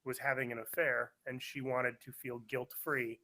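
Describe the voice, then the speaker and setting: A man, a comedian guest, telling animated stories in casual chat. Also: mid-range voice, normal speed, background noise. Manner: animated storyteller, acts out quoted voices.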